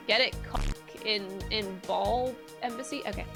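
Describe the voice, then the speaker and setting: Excitable swearing young woman streamer. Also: on the high side, moderate pace. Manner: excitable, swearing, bursts into loud shrieks. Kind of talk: game playthrough commentary. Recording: game music behind.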